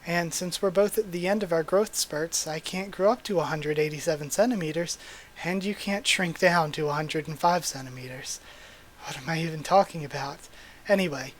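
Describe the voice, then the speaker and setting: A man's voice: on the high side, close to an everyday voice. A man reading as a small, frank young rabbit girl. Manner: blunt, exasperated. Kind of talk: reading a manga aloud.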